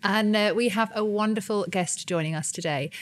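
A woman's voice: medium pitch, normal speed. A woman hosting a podcast interview in a studio, chatty, upbeat and a little self-deprecating. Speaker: podcast host. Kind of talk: casual interview. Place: new studio. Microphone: studio microphone.

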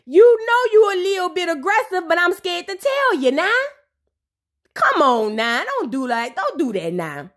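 A woman voicing a pushy friend in a low, gruff put-on voice. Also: very animated, a little slow, full character voice. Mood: coaxing, gruff. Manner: pushy, coaxing.

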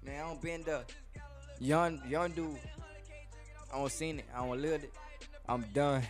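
A man's voice: on the high side, fairly even intonation, a little slow, soft background music. A man, a rapper being interviewed, talking casually and rambling as he stumbles over and repeats his words. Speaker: rapper guest.

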